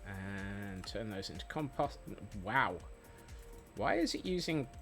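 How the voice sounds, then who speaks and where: A man talking loosely over his game stream, his pitch bouncing around a lot as he rambles and jokes. He trips over his words and restarts often, and faint music plays underneath. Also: very animated, slow pace, a bit bright. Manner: rambling, playful, many fillers and restarts. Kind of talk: casual gameplay chat.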